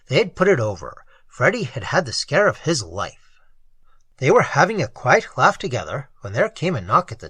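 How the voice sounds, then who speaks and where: Husky, expressive male story narrator. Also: fairly high pitch, dry recording. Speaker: audiobook reader. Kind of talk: audiobook narration.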